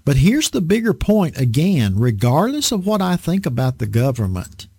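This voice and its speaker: A man preaching an online Bible study sermon, slow and deliberate, drawing out words for emphasis. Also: fairly high pitch, very animated, creaky, a little mellow, husky, dry recording.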